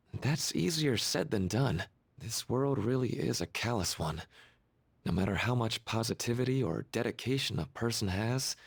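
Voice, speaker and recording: An actor playing a soft-spoken, thoughtful school counselor in a video game. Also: male voice, mid-range voice, gravelly, breathy edge. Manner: soft-spoken, musing, apologetic. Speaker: game character.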